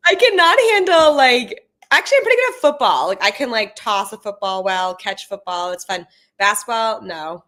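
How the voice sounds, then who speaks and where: A woman's voice: medium pitch, expressive, normal speed, hardly any pauses, a bit bright. A young woman guesting on a podcast, joking and rambling with lots of fillers. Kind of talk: casual chat.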